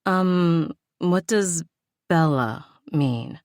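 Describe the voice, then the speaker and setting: A woman's voice: fairly low pitch, animated, extremely slow, darkish tone, dry recording, studio quality, exaggerated voice. A woman voicing a polite, flustered store owner speaking to a customer.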